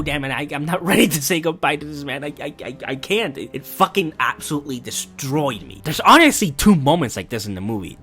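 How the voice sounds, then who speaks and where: A man reviews a film with bright, lively, swooping delivery, swearing freely as he gushes. Faint music plays under him. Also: mid-range voice. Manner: gushing, profane, animated. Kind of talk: casual movie review.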